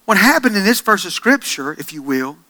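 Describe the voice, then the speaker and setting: A middle-aged male pastor preaching a sermon, swinging from hushed storytelling to loud, excited passages. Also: high voice, a little fast.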